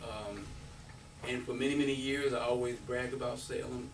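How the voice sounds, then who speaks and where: A man in his fifties, a former college basketball player, giving an animated storytelling speech at a breakfast event, acting out quotes and laughing often. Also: mid-range voice, normal speed, slight background noise. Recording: roomy, from a distance.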